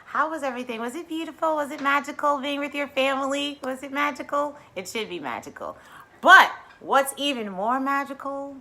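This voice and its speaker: A woman hosting a casual mindfulness livestream, bubbly and excitable, talking straight to her viewers. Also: on the high side, a little fast.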